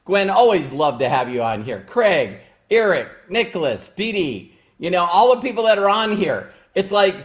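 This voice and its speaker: Emphatic high-voiced man, slow and lively. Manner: emphatic, repeats key phrases, emotional. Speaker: livestream host. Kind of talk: motivational live-stream talk.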